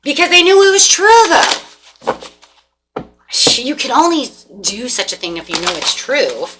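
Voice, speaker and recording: A woman giving a casual tarot reading, animated and repetitive, acting out the people in the cards. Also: high-pitched, unhurried, heavy background noise. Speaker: tarot reader.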